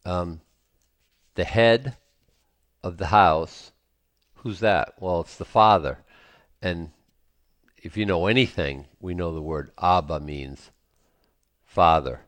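Male Bible teacher, low and slow, reads verses then explains with casual asides; dry, close recording. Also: fairly bright tone, no echo. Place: indoors, presenting to a screen.

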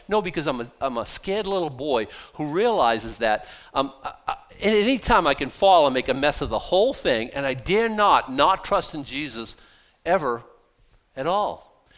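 A man preaching a sermon as a pastor, emphatic and blunt, mocking excuses in quick put-on voices. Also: high-pitched, a bit bright.

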